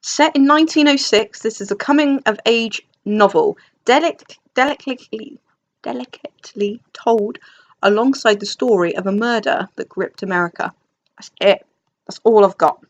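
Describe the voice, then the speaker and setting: A young Englishwoman who vlogs about books chats casually from a dim room at home, rambling and self-deprecating with lots of fillers and restarts. Her voice is fairly high, at a moderate pace.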